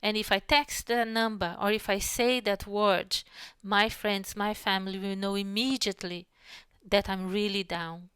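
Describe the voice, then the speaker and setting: A woman psychologist giving an online lecture, calm and measured, who slows down to softly guide breathing exercises. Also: mid-range voice, clean tone, dry recording.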